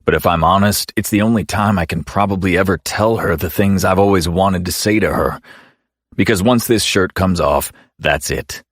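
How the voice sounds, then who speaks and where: Deep male voice, first-person audiobook narration, wry and teasing, dry close sound. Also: moderate pace, dry recording.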